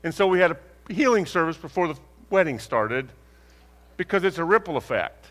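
An older man tells stories in a folksy sermon, chatting conversationally with his congregation and acting out the dialogue. His voice runs on the high side with big pitch swings, fairly quick and a bit bright, and a long hall reverb surrounds it.

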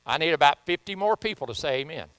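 A man's voice: a little high, animated, fast, a bit bright, smooth, dry recording, rough recording. A man with a Southern US accent preaching a sermon as pastor, folksy and joking, often repeating himself.

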